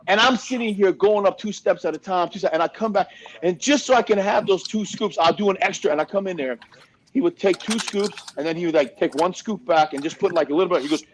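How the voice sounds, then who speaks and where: A man hosting a casual chat, telling animated, profane stories and acting out what others said. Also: high-pitched, fast, slight background noise. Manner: animated storyteller, profane, acts out other people's lines. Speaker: host.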